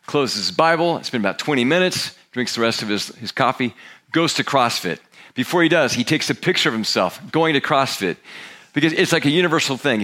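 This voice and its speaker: A middle-aged man preaching a sermon as a pastor, telling a story and acting out the voices of the people in it. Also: mid-range voice. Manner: storytelling, animated, acts out quoted characters. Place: church auditorium.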